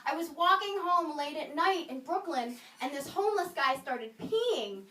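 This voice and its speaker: A woman performing a stand-up comedy set, with wry, sarcastic asides and pauses before punchlines. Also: high voice, animated, bright, forceful tone. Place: small comedy venue in a video store, live audience. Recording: roomy live room, mic a bit distant, audience laughter.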